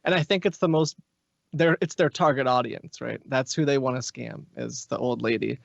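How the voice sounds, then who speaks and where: A man's voice: mid-range voice, normal speed, gravelly, dry recording. Casual rambling man, dry muffled sound. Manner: loose, rambling, lots of "like" fillers. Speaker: guest. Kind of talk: casual podcast chat. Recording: dull, muffled podcast audio.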